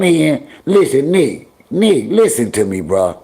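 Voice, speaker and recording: Man, middle-aged, livestream host, raspy, gravelly, slangy, repeats himself. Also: medium pitch, very animated, takes it slowly, mellow. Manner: talks straight to viewers and chat, scolding; heavy slang, drawling repetitions. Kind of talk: casual livestream commentary.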